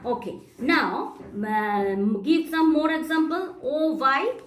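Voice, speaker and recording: A woman teaches phonics, pausing to spell out letters and sound out each word. Her voice sits high and her delivery is unhurried. The room around her gives back a noticeable echo. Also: fairly bright tone. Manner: slow, deliberate explanation, spelling out letters and sounding words. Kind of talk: phonics lesson. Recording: echoey room.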